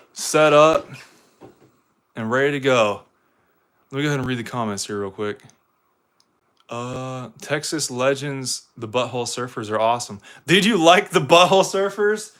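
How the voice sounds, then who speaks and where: A man's voice: mid-range voice, fairly even intonation, unhurried, long pauses, a bit bright. Rambling, profane American man streaming. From Ohio, United States. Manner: rambling, profane, addresses viewers as dude. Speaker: livestream host. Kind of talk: casual livestream chat.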